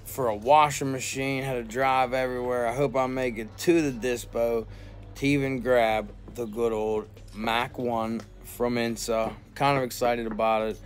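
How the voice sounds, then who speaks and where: A man talks through a casual vlog in a slow, unhurried drawl, swearing constantly and slipping into slang. He gets excitable as he rambles. Faint music plays quietly behind him. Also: mid-range voice. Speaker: cannabis vlogger. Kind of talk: casual profane vlog chat.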